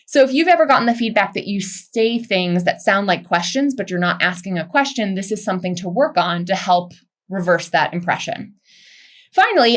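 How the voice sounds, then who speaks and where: A woman giving a lively career webinar talk, chatty and quick to laugh, with casual slang mixed in. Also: medium pitch. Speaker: career coach presenter. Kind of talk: webinar presentation.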